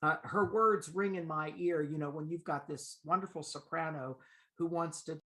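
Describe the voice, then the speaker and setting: A middle-aged man, a vocal coach and pianist, chatting in an interview and telling stories with lively warmth. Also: a little high, moderate pace. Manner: lively anecdotal storyteller. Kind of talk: conversational interview.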